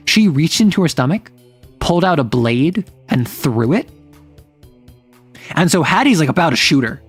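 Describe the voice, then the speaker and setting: A game master casually recapping a tabletop session, chatty and full of "like.". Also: mid-range voice. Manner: rambling, chatty, uses lots of "like".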